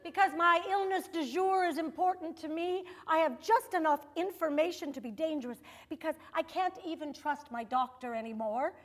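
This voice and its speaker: A middle-aged woman doing a stand-up comedy routine, wry and self-mocking, with sudden exasperated bursts. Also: high voice.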